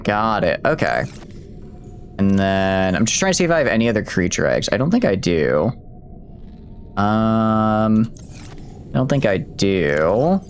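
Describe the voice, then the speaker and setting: Chatty man streaming a game, lively pitch. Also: a little hiss or hum. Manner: chatty, rambling, self-interrupting. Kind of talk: casual gameplay commentary.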